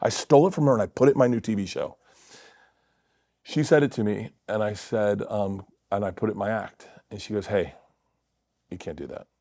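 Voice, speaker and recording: A middle-aged man telling stories in a casual podcast chat, laughing often and dropping to quiet mutters. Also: fairly low pitch, a little fast, no echo, clean studio sound. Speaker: comedian guest. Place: podcast studio.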